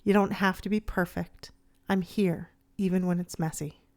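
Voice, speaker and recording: A woman host giving scripted reflective narration, soft, slow and soothing. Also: fairly low pitch, steady tone. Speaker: podcast host.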